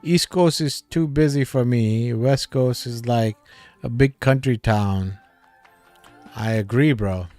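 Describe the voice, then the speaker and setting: A man's voice: mid-range voice, slow, a little mellow, no echo, faint music behind. A man hosting a livestream, reading viewers' comments aloud in casual chat and laughing often.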